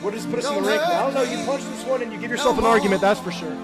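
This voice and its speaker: A man hosting a live watch party, excitedly reading names from the chat. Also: very high voice. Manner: rapid-fire reading of chat names, hyped. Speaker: livestream host. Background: loud music playing.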